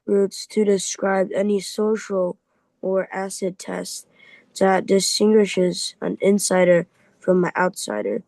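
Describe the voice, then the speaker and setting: A man's voice: high-pitched, little pitch movement, takes it slowly, creaky, a little mellow, dry recording, poor audio. A man reading aloud in a Bible class, stumbling over words and restarting often.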